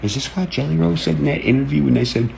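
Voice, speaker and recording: A man, ranting excitedly to camera, cursing and jumping from one topic to the next as he acts out quotes. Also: mid-range voice, quick pace, vocal fry, slight background noise. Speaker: online creator. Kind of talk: rambling rant to camera.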